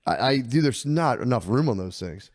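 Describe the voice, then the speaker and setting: A man's voice: mid-range voice, animated, normal speed, no echo. A man co-hosting a comedy podcast, telling stories in a laid-back way and acting out the people in them. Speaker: podcast co-host. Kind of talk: casual comedic chat.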